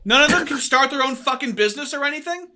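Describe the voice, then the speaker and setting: A man's voice: very high-pitched, quick pace, slight background noise. A man hosting a podcast, ranting in casual commentary with lots of swearing. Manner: profane, animated, ranting. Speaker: podcast host.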